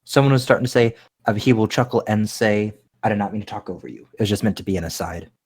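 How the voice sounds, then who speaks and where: A man playing in a tabletop game, talking in an easygoing, folksy way with a husky voice. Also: fairly low pitch, quick pace, darkish tone. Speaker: player.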